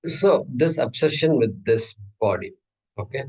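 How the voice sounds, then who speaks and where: A man's voice: medium pitch, animated, a little slow, slightly rough, poor audio. A man teaching a scripture class in a conversational way, asking his students questions. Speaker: Vedanta teacher.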